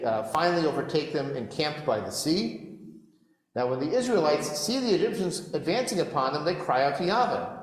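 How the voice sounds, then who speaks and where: A man speaking to a congregation, retelling scripture with wry, sarcastic asides. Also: medium pitch. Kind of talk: sermon-style scripture talk. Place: congregation hall. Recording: echoey hall reverb.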